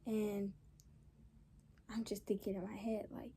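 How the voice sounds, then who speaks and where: A woman's voice: mid-range voice, moderate pace, gravelly, long pauses, a little hiss or hum. A young woman casually telling a storytime, rambling along with slang and lots of restarts. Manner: rambling, animated retelling with slang.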